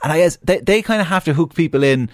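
A man's voice: on the high side, expressive, quick pace, no room sound, studio quality. A male interviewer asking long, stumbling questions, often repeating words as he frames them.

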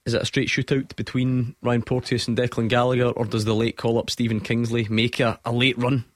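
A man's voice: mid-range voice, level tone, fairly quick, dry recording. A man hosting a football discussion, putting probing questions to his panel. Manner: probing questions, steering debate. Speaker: host. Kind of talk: studio sports discussion.

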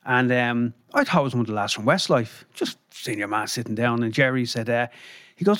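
An Irish man sits in a podcast studio and tells old stories in a loose, meandering way, full of fillers and little chuckles. His voice sits at an ordinary pitch and sounds dry and close to the mic. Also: lively intonation, a little fast, a bit bright, no room sound. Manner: rambling, lots of "you know" and "um", chuckles while telling stories. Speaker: guest, former band crew member. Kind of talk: casual anecdotal storytelling.

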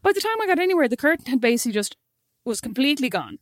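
A young woman chats with rapid, tumbling speech, retelling her own mishaps with lots of drama. Her voice sits a little high for a woman. The recording is close and dry. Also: no room sound. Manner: animated storyteller, dramatic retelling. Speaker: podcast co-host. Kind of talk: casual chat.

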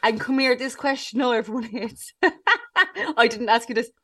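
A woman with a Cork Irish accent chats away on a podcast, telling stories in a lively, rambling way. Her voice sits a little high. She sounds somewhat distant from the mic. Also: normal speed, slightly rough. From Ireland, Cork. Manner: chatty, animated storytelling with frequent "like". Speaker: podcast co-host. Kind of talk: casual chat.

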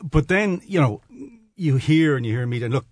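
A man, a sports broadcaster on a radio panel, talking haltingly with stammers and restarts. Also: a little high, lively intonation, darkish tone, no echo. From Dublin, Ireland.

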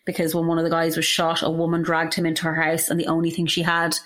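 A woman's voice: deep voice, monotone, quick pace, a bit bright. A young woman in casual chat, talking with heated emotion and frequent swearing. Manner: impassioned, emotional, swears freely.

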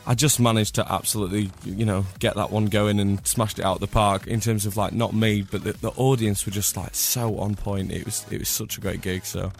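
A young Scottish-born male singer, hoarse and a little croaky, rattles on quickly in a loose radio-studio chat. His talk rambles with a laugh never far away, and faint music sits low underneath. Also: fairly even intonation. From Scotland. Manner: chatty, rambling, laughs often. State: hoarse from flu. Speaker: singer guest. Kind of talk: casual radio interview chat.

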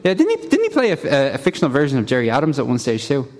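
A man's voice: medium pitch, huge pitch swings, rapid-fire, a little mellow. A man as a film critic on a live radio panel, wry and opinionated, talking before an audience in a hotel. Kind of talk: casual radio panel chat.

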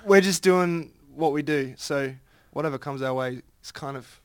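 An upbeat man chats about his band, laughing often. His voice is a little higher than most men's and recorded dry and close. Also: moderate pace, no echo. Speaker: band member. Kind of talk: casual interview chat.

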